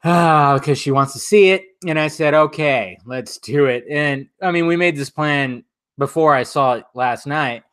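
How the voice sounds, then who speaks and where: A man's voice: a little high, a little slow, fairly bright tone, smooth. Profane, casual male streamer. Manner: loose, profane, drinking while talking. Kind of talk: casual live-stream chat.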